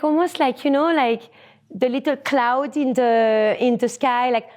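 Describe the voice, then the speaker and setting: A woman's voice: sits high, steady tone, a little slow. Frank French-accented woman telling a story. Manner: frank and profane, laughs often, drops to hushed asides. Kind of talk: candid personal storytelling.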